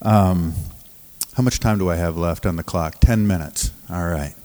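A man preaching as a pastor of a recovery ministry, telling stories from the pulpit in a halting, restarting way and often laughing as he talks. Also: low voice, darkish tone, long reverb tail. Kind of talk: sermon with storytelling. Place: church sanctuary.

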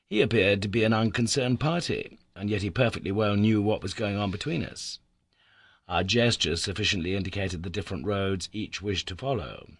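A man narrating a classic adventure novel in a measured, steady way. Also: fairly low pitch, no echo. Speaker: audiobook reader.

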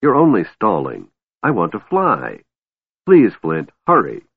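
A man voicing a small, excitable male kender who is eager and shrill and keeps pleading and pestering. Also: fairly quick, husky, no room sound. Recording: tinny phone-like band, dry.

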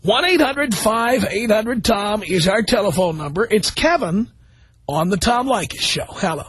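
A man's voice: high voice, lively intonation, moderate pace, a bit bright, slightly rough, dry recording. A man hosting a call-in radio talk show, blunt and combative as he rants his opinions.

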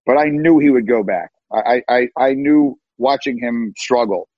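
A man with a slightly rough, mid-range voice speaks at a moderate pace, telling sports stories as a podcast guest in an animated, emphatic way and repeating words as he starts sentences. The recording is dull, lo-fi and dry.

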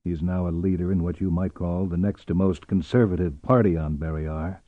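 A man's voice: low voice, fairly even intonation, fairly quick, no echo, phone-quality sound, pitched below the performer's own voice, close to an everyday voice. A man voicing a dry-witted, snappish middle-aged officer in an audiobook.

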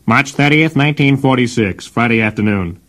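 A man's voice: medium pitch, a little fast, a bit bright. A man reading personal letters aloud in a dry, wry delivery. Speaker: reader of letters.

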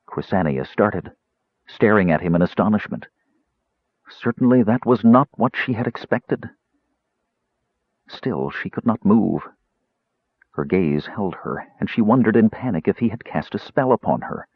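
A man narrating a fantasy audiobook in a measured, expressive storytelling manner. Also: on the low side, husky, dry recording. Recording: dull lo-fi dry recording.

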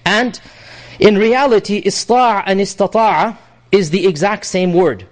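A man giving a Quran commentary lesson, explaining patiently, repeating his points and reciting Arabic verses quickly. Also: high-pitched. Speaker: Islamic teacher.

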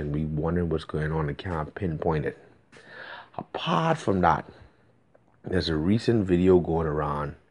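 A man's voice: low voice, a little mellow. A Bahamian man with a Bahamian accent, recording an urgent, pleading voice message in a preachy, insistent way. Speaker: voice-note sender. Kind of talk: voice message monologue.

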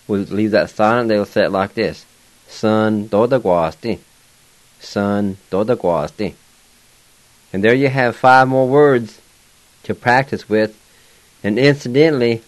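A man's voice: on the low side, poor audio. A man teaching a language lesson on the radio, spelling words out letter by letter and pronouncing them with care.

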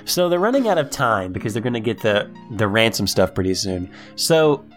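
A man co-hosting a casual podcast recaps a TV episode, acting out the characters' lines. His voice is on the low side and fairly bright, very animated, at a moderate pace, with faint music behind him.

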